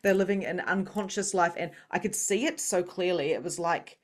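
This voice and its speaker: Lively, expressive woman telling her story. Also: on the low side, moderate pace. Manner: expressive, acts out quoted voices, laughs often. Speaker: psychic medium and coach, interview guest. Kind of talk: animated personal storytelling.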